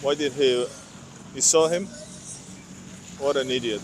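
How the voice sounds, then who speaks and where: A man's voice: medium pitch, a little slow, slight background noise. A man walking a city street in winter, talking casually and rambling to his viewers on a clip-on mic. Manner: rambling, chatty, addresses viewers as guys. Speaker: vlogger. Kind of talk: casual live street vlog. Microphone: clip-on microphone.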